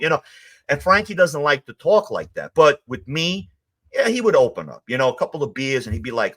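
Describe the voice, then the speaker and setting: Bright-voiced man. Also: a little high, normal speed. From Queens, New York. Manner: animated, acts out quotes, swears. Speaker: guest, former mob associate. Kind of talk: casual storytelling interview.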